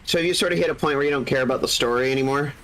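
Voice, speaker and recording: A man with a husky voice from a cold, chatting casually and eagerly explaining game lore while streaming. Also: medium pitch, rapid-fire, a crowd in the background, low-quality recording. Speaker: gaming streamer. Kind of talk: casual gaming stream chat.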